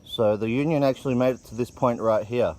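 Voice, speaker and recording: A man's voice: mid-range voice, a little fast. A man filming an outdoor walking tour on a hillside and narrating it in a casual, vivid way on a handheld camera mic. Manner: excited, vivid retelling.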